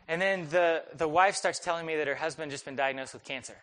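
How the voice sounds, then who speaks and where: A young man preaching a sermon, telling a personal story in a conversational, animated, self-deprecating way. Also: a little high, fast talker, few pauses. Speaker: pastor.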